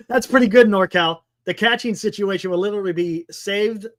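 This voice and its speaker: A man hosting a casual live-stream sports talk show, chatting with viewers in a sarcastic, rambling way. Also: high voice.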